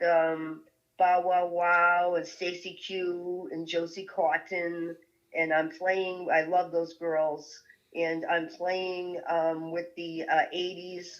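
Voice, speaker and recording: A woman's voice: lowish voice, dull audio. A woman from the Boston area with a strong Boston accent, chatting casually as an interview guest, laughing often and restarting her sentences. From Boston area, USA. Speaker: guest musician. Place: California.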